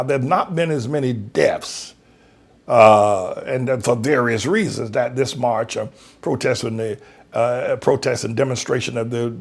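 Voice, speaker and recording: A male pastor giving a preached commentary in a folksy way, swinging from low musing to high, laughing exclamations. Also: vocal fry, slightly rough. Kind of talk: preached commentary on current events.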